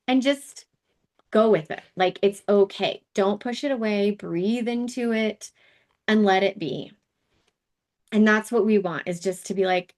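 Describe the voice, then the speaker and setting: A woman's voice: mid-range voice, measured pace, darkish tone. A woman hosting a casual live wellness session, talking in a chatty, candid way with asides and fillers.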